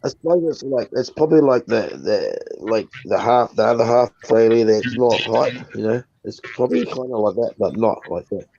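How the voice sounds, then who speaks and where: A man's voice: fairly low pitch, lively intonation, brisk, gravelly, few pauses, mellow, highs cut off, a little hiss or hum. Swearing New man, casual chat. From New Zealand. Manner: swears freely, laughs often, rambling. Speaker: paranormal investigator on a livestream.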